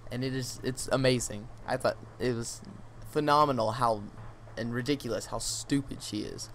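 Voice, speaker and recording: A man's voice: medium pitch, fairly even intonation, normal speed, fairly bright tone, slight background noise. A teenage boy vlogger rambling through a funny story with lots of fillers, sounding amused. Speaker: gaming channel vlogger. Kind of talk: storytime rant over gameplay.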